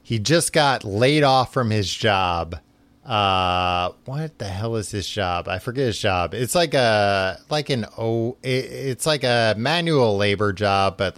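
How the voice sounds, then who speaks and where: A man's voice: fairly low pitch, a little slow, a bit bright, clear, resonant tone, dry recording. A man hosting a podcast, casually retelling a book with lots of filler words and restarts. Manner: rambling, full of likes and restarts. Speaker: podcast host.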